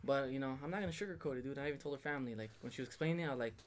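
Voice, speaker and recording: A man's voice: mid-range voice, slight background noise. A man telling a story about his girlfriend in a casual chat, rambling and acting out quotes. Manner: fast, rambling, acts out quotes.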